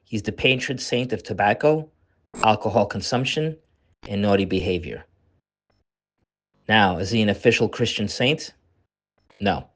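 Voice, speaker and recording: A man vlogging his travels and narrating over the footage in a chatty, easygoing way. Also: on the low side. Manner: chatty and easygoing, with small laughs.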